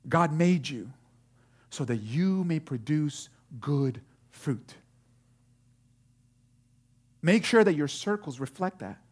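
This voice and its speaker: A man's voice: on the high side, lively intonation, slow, pauses often, slightly rough. A man in his thirties preaching a sermon, telling a family story with lots of fillers and restarts. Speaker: pastor.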